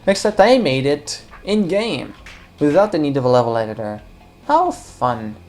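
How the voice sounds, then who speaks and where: Low-pitched lady chatting and joking over her game, rambly, soft music in the back. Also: big pitch swings, moderate pace. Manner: rambling, jokey, talks to viewers and to game characters. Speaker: let's play commentator. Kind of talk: casual gameplay commentary.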